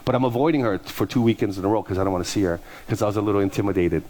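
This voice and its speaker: A man preaching as a pastor, telling stories with lively repetition and acting out the people in them. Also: fairly low pitch, very fast. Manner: animated, repeats words and acts out people. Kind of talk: storytelling sermon.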